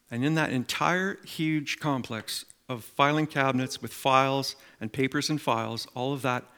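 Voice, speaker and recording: A middle-aged man preaching a sermon, telling stories and making emphatic, animated appeals to the congregation. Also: mid-range voice. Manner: animated storytelling with acted quotes and emphatic appeals.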